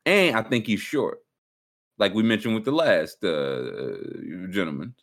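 A man's voice: fairly low pitch, animated, measured pace, fairly bright tone. A man chatting casually on a livestream, joking around in playful banter. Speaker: streamer.

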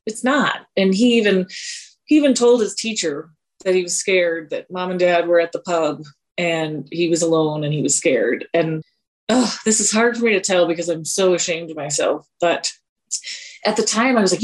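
Speaking at a moderate pace in a lowish voice, this forties-aged Colorado woman opens up as a podcast guest. The interview is candid and personal, and her earnest, confessional tone is broken by sighs and self-deprecating laughter.

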